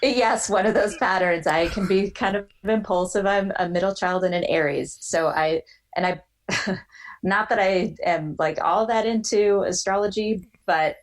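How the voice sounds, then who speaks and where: On poor audio, a woman in her forties with a mid-range voice tells a personal story as a podcast guest. She's animated and quick to act out other people's voices.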